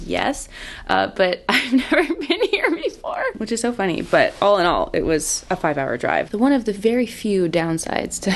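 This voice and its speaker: A woman's voice: medium pitch, vocal fry. A young woman vlogging to a handheld camera, chatty and giggly as she talks about her day on the road and around town. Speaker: lifestyle vlogger. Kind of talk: casual vlog talk to camera.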